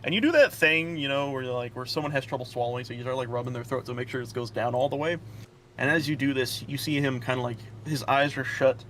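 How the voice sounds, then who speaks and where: A man's voice: medium pitch, fast talker, fairly bright tone, a little hiss or hum. A man running a tabletop game as dungeon master, narrating in a loose, chatty way with lots of fillers.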